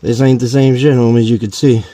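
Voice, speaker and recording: A medium-pitched, brisk-talking man in his forties, a DIY car vlogger, rambles through a profane, jokey story while doing an oil change outside his home. The recording is dry, and his delivery is animated and casual.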